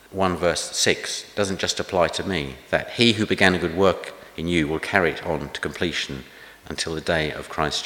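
A man, preaching in a chatty, gently humorous way with anecdotes. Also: rumbling low. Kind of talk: conversational sermon with anecdotes. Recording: echoey hall with long reverb.

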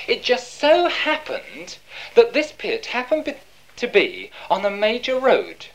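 Emphatic woman preacher, lively intonation. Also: rumbling low, moderate pace, low-quality recording. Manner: emphatic, rhetorical questions answered herself. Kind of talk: sermon.

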